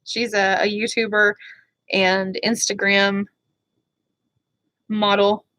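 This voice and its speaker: A woman's voice: medium pitch, little pitch movement, slow pace, pushed and bright, dry recording. A woman beauty vlogger chatting casually, rambling and often apologizing as she talks. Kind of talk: casual chat.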